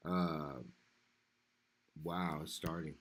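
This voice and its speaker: A man's voice: very deep voice, steady tone, extremely slow, fairly bright tone. A man hosting a live reaction stream, talking loosely and swearing between clips. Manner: laid-back, laughing, swearing asides.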